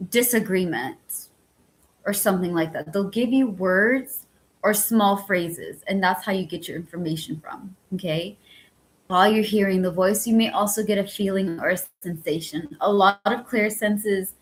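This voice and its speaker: A woman with a squeaky voice, worn from a full day of talking. She reads a spiritual book aloud at a middle pitch and breaks off for loose, profane asides. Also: low-quality recording. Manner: swears freely and chats between passages. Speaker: book-reading channel host. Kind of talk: reading a book aloud with casual commentary.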